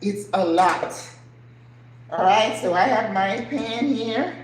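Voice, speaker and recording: A woman's voice: medium pitch, takes it slowly. An older woman hosting her channel, chatting earnestly and emotionally while cooking at home. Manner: earnest, emotional, rhetorical questions. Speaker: channel host. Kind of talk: casual chat while cooking. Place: home kitchen. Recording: echoey kitchen, faint ambient noise.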